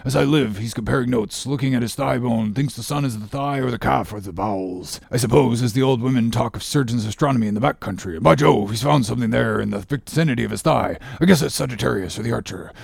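A man voicing an excitable, jeering sailor mate in an audiobook, giving an exclamatory running commentary. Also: mid-range voice, fast talker, vocal fry, few pauses, slightly rough, dry recording, clean studio sound. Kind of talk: audiobook character reading.

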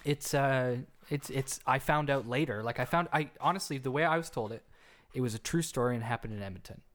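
A man's voice: medium pitch, fairly quick, a bit bright. A man casually telling an urban legend on a podcast, rambling with restarts. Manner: rambling, frequent restarts and fillers. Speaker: podcast co-host telling a story. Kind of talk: casual storytelling chat.

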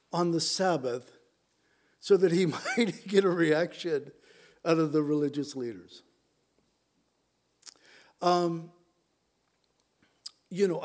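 A man's voice: fairly high pitch, darkish tone. A middle-aged man preaching a sermon in a conversational way, often restarting and talking straight to his congregation. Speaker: pastor.

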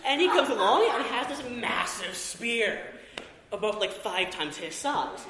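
A man's voice: high-pitched, a little slow. A young man telling a rambling comic story to a live audience, laughing as he goes. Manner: rambling, animated, laughing as he talks. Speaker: performer. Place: coffee house event hall. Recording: echoey hall with faint noise.

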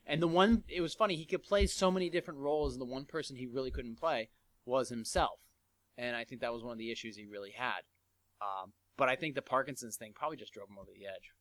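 A man's voice: medium pitch, fast, a bit bright, no room sound. A man co-hosting a podcast, chatting casually in a rambling, laid-back, joking way. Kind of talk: casual chat.

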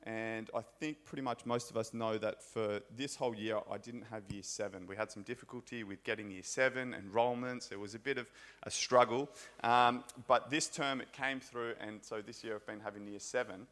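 A man's voice: fairly low pitch, steady tone, moderate pace, a bit bright. A man with an Australian accent, a preacher and school scripture teacher, giving a casual, chatty sermon in a church with enthusiastic stories.

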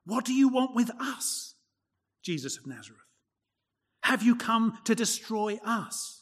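A man preaching who voices the quoted words of a terrified evil spirit in a slow, dramatic reading. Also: very high voice, sing-song, voice pushed up, full character voice. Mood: dread. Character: fearful evil spirit confronting a holy man. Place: church. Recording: long church reverb.

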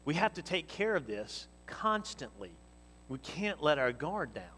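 A man delivering a sermon, his voice sitting a bit high for a man. He swings between loud, emphatic exhortation and quiet, explanatory teaching. His words ring out with the long reverb of a church hall. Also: sing-song, a little slow, slightly rough. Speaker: pastor.

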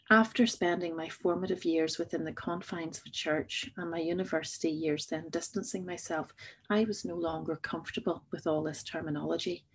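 A woman reads her first-person memoir with wry understatement. Her low, husky voice stays calm and conversational throughout. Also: a little fast. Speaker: memoir narrator. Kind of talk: first-person audiobook narration.

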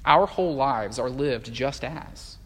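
A male pastor preaching a sermon in a conversational, animated way, with frequent fillers and restarts. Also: medium pitch, slow pace. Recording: long hall reverb.

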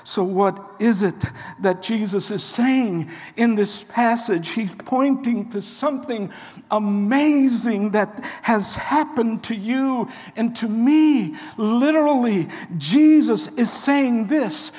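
Preacher, sermon, slow and emphatic, repeats and exhorts, recorded in a long-reverb hall. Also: mid-range voice, a little mellow. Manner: emphatic, repeats key phrases, exhorts the listeners.

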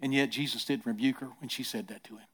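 A middle-aged pastor preaches a sermon, swinging between quiet, soft passages and loud, emphatic ones, repeating words as he builds. His medium-pitched voice is steady, slightly rough, and fast.

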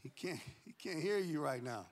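A man preaches with a fairly high voice, animated and full of jokes. He swings from loud calls to hushed asides, and the sound rings with the long reverb of a big hall. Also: moderate pace. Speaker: pastor. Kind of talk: sermon.

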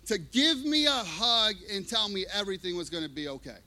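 Male pastor, high bright voice, animated sermon storyteller acting out scenes. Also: fairly quick.

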